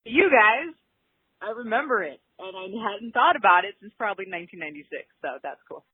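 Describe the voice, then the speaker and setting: A woman's voice: medium pitch, brisk. Woman leaving a chatty phone voicemail. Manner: chatty, animated storytelling. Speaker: caller. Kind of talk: voicemail message. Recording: husky voice over a tinny phone line.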